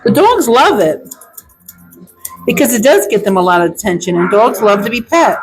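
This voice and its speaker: Woman dog groomer, high voice, blunt and opinionated in casual chat. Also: very animated, normal speed, creaky, music in the background, low-quality recording.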